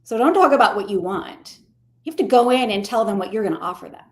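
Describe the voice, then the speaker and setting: A woman's voice: medium pitch, lively intonation, fast talker. A middle-aged woman co-hosting a casual mentoring discussion, speaking emphatically and persuasively and acting out quoted thoughts. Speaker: mentor and co-host.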